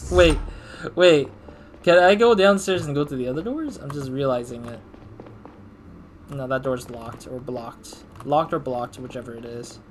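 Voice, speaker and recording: A man's voice: mid-range voice, unhurried, long pauses, slight background noise. A man doing let's play commentary, rambling and thinking aloud in a self-deprecating way. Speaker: gamer.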